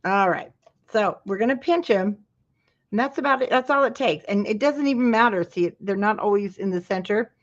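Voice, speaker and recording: A woman's voice: medium pitch, moderate pace, lo-fi sound. A woman from Utah hosting a live craft tutorial, talking viewers through each step in a chatty way and breaking off into asides. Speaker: craft show host.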